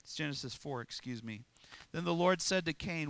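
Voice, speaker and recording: Bright-voiced emphatic male preacher. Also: on the high side, lively intonation, moderate pace, gravelly. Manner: emphatic, rhetorical questions, chuckles between points. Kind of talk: sermon.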